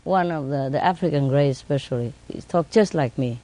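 A woman's voice: sits low, fairly quick, dark tone. A woman telling casual stories in simple, non-standard English, often adding "you know" as she goes. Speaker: pet bird keeper telling stories. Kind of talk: casual anecdotal storytelling.

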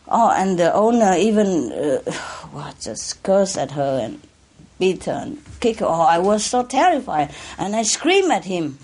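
A woman addressed as master, talking in a casual conversation, earnest and emotional, halting with restarts and soft laughs. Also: on the low side.

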